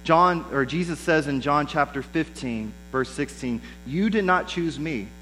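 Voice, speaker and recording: A man's voice: on the high side, measured pace, a bit bright, faint music behind, rough recording. A man preaching a sermon in a conversational way, acting out the lines of the people he quotes. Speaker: pastor.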